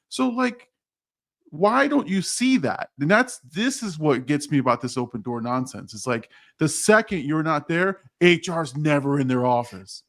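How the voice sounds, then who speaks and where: A man co-hosting a casual podcast, telling animated stories full of quoted dialogue, with frequent restarts. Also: on the high side, moderate pace, creaky. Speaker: podcast co-host, HR professional. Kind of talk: casual chat.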